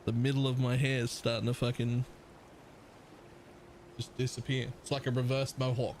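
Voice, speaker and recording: A man's voice: mid-range voice, little pitch movement, moderate pace, a little mellow, slight background noise, poor audio. A man with a partly Australian accent, chatting casually as a live streamer, rambling, laughing often and swearing.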